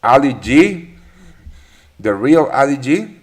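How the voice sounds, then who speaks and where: A man's voice: mid-range voice, big pitch swings, takes it slowly. A man hosting a live trading webinar, chatting casually, greeting viewers by name with many fillers and restarts. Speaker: trading session host.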